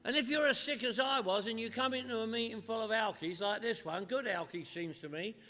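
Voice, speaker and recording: Bright-voiced London man, echoey hall. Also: high-pitched, fairly quick. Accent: London English. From northwest London. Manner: comic, repetitive punchline storytelling. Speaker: AA speaker. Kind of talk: humorous recovery talk to a meeting. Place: meeting hall.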